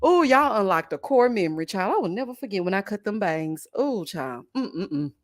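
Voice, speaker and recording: A middle-aged reality TV commentary host reads viewer comments at a moderate pace, her mid-range voice sing-song. She's dramatic and sassy, laughs a lot, and calls viewers honey and child.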